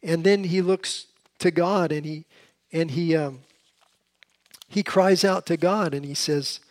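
A man's voice: a little high, a little slow. Man giving a casual Bible teaching. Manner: conversational, with frequent restarts. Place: seated, with a drink at hand.

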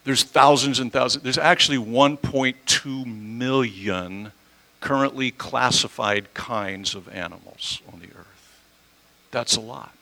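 Guy preaching a sermon, bright edgy voice, chatty, uses everyday examples. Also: medium pitch, a little slow, creaky, poor audio. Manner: conversational teaching with homely examples and self-corrections.

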